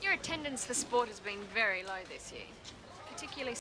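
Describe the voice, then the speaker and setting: A stern teacher voiced by a woman questions a pupil briskly. Her voice sits high. The clip carries clear background noise. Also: lively intonation, natural voice. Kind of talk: scripted TV dialogue.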